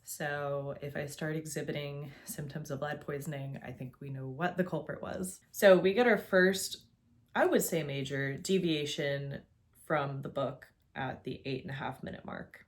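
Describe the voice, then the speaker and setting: A woman's voice: low voice, normal speed. A young woman in a casual, opinionated video essay, chatty and full of "like"s, talking to a camera at home. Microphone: facing a camera.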